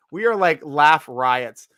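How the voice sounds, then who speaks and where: Bright-voiced joking man hosting. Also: fairly high pitch, no echo. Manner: joking, rambling, laughs often. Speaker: podcast host. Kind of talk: casual draft-show banter.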